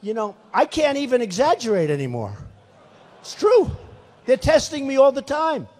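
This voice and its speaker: A man's voice: very high-pitched, huge pitch swings, moderate pace, a little mellow. A man in his sixties giving a rally speech in a large hall, rambling, boastful and repetitive. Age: 60s. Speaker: political candidate. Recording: long hall reverb.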